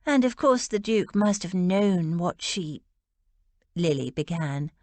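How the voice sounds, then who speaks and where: A woman narrating an audiobook in an expressive, measured way. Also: on the low side, no echo.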